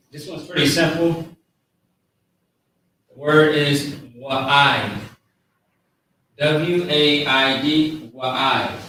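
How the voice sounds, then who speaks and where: A man giving a casual, slangy lesson on words, spelling them out slowly. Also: fairly high pitch, fairly even intonation, pushed and bright. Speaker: teacher of a language class. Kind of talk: informal lesson with a live chat. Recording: echoey room, far from mic, faint noise.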